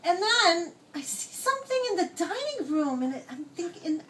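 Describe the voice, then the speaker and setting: A woman's voice: extremely high pitch, big pitch swings, normal speed, fairly bright tone, slight background noise. A woman in her sixties giving a rambling, laughing birthday speech at an outdoor party, telling a story. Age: 60s. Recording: voice from a distance.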